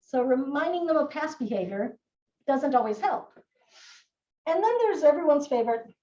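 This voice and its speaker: A high-pitched woman gives a live training talk, mellow in tone and full of swooping inflection as she acts out quoted voices. She is picked up from a distance in an echoey room, and the sound is dull. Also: moderate pace. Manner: lively, acts out quoted kids and adults. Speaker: presenter on child behavior. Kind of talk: recorded live training presentation. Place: presentation room.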